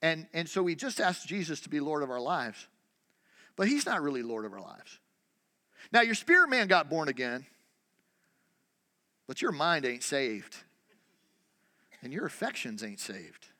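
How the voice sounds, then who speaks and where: A man with a high, bright voice preaches, throwing rhetorical questions at his congregation. His sermon rings out in a church hall with a long reverb. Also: very animated, unhurried, long pauses. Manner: conversational preaching, rhetorical questions, repeated restarts. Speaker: pastor.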